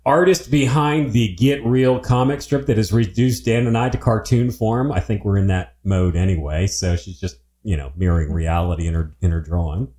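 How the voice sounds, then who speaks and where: A man's voice: lowish voice, normal speed, hardly any pauses, dark tone. A man co-hosting a podcast in casual chat, laid-back and chuckling often. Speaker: podcast co-host. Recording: roomy echo.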